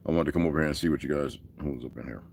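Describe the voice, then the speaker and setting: A man's voice: extremely low pitch, very fast, gravelly, a little mellow, slightly rough. A man hosting a casual livestream, ranting at his viewers in a profane, confrontational way. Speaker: livestream host.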